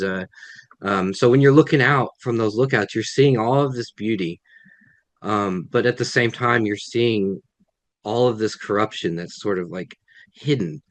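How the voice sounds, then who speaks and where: This man, a guest author, answers webinar Q&A questions over a video call in a considered way, frequently correcting himself and starting his sentences over. His voice is on the low side, and the recording has no echo.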